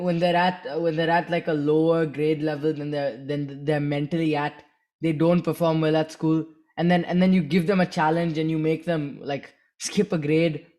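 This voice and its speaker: Hesitant, rambling man, slightly high voice. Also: a little mellow. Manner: rambling, hesitant, searching for words. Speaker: cricket podcast co-host. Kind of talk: casual sports chat.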